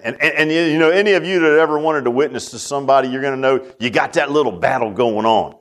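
A man's voice: mid-range voice, quick pace, few pauses, fairly bright tone. An older man telling a personal story in a sermon, folksy and repetitive, leaning on filler like "man". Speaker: preacher.

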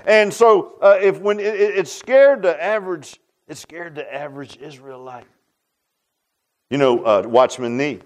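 A man preaching a sermon as pastor, folksy and emphatic, with frequent "huh?" asides and storytelling. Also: fairly high pitch.

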